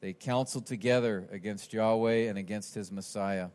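A man preaching an expository sermon, animated and swinging from quiet asides to shouted quotes. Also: lowish voice, moderate pace. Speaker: pastor.

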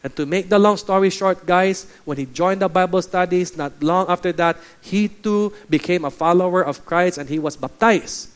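A man's voice: sits high, normal speed, few pauses, smooth. A man with a Filipino accent preaching a sermon as pastor, emphatic and exhorting, repeating key phrases.

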